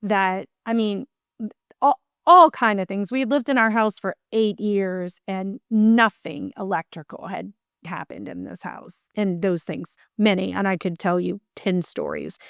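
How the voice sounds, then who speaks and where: A middle-aged woman with a drawl tells a deeply personal story, earnest and meandering, often stopping to restart a thought. Her voice sits in an ordinary middle range. The recording is dry and close, with no room sound. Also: a little slow, vocal fry, a bit bright, smooth, no room sound. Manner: earnest, rambling with many restarts. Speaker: podcast guest.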